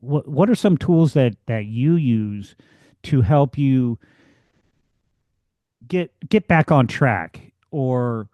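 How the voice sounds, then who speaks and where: A man hosting a ministry podcast, speaking in a relaxed storytelling way and often restarting his sentences. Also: mid-range voice, takes it slowly, pauses often, dry recording. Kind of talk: casual faith-based conversation.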